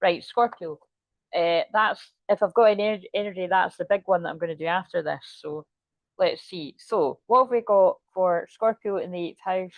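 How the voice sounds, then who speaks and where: A woman's voice: fairly low pitch, moderate pace, dry recording, muffled recording. A woman doing a casual, rambling tarot reading and swearing now and then. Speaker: tarot reader.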